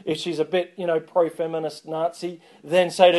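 A man preaching a sermon as a pastor, lively and joking, calling on the congregation to respond. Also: on the high side, brisk, few pauses.

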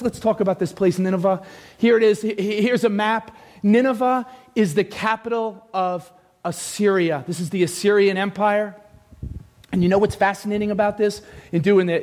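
A man delivers a sermon with a very high-pitched voice. He preaches with big swings between shouting and quiet asides. He keeps turning to the room with direct questions. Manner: animated preaching, often shouting, sudden swings from loud to hushed; speaks to the congregation with direct questions. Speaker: pastor.

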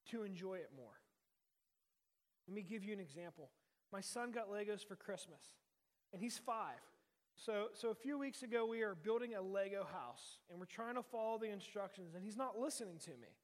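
High-voiced pastor preaching. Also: male voice. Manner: conversational preaching with emphatic repetition. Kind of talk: sermon.

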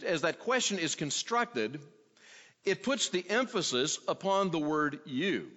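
A man delivers an expository sermon in a slightly high, lively voice. He teaches at a measured pace and acts out the quoted questions with changing inflection. The sound is dull, with a long reverb from the hall. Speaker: preacher.

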